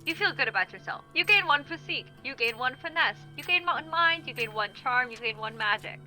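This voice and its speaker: A woman's voice: high-pitched, animated, fairly quick, bright, forceful tone, soft background music, low-quality recording. A woman reading game prompts in casual tabletop chat, blunt and joking.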